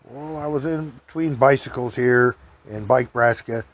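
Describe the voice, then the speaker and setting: A man's voice: mid-range voice, normal speed. A man hosting a storytelling podcast, telling a rambling folksy anecdote and chuckling often.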